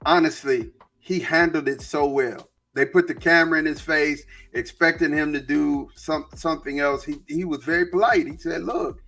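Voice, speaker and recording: A man's voice: fairly high pitch, fairly even intonation, normal speed, fairly bright tone, soft background music. A man co-hosting a sports podcast in casual chat, retelling stories and agreeing often. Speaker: podcast co-host.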